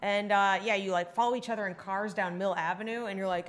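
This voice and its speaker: A woman from the Phoenix area, co-hosting a casual chat and talking in a profane, animated and opinionated way. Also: mid-range voice, fast talker. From Phoenix area, Arizona. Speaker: podcast co-host.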